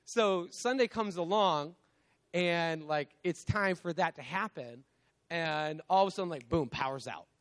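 A man with a high, light voice preaching in a loose, conversational way. He keeps tossing in "like" and "right?" and laughs at himself as he goes. He sounds like a young father in his thirties talking straight to his congregation. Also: a little slow. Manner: conversational, lots of "like" and "right?", self-mocking laughs. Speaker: guest preacher. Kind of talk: casual sermon.

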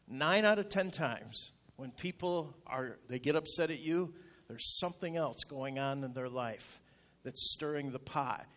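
A middle-aged male pastor telling a personal story in a sermon, in a folksy, self-deprecating way that gets animated as he retells his anger. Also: mid-range voice. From rural upstate New York.

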